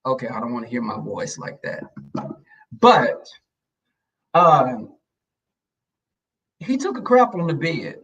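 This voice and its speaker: Gravelly man chatting to live viewers. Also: medium pitch, big pitch swings, slow pace, long pauses, a bit bright, recorded from a distance, lo-fi sound. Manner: chatty storyteller addressing viewers. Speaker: livestream host. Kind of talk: casual livestream chat.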